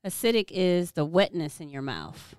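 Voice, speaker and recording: Teasing woman with an expressive voice. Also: lowish voice, normal speed, clean tone, no echo, studio quality. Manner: teasing, laughs easily. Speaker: podcast co-host. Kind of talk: casual chat.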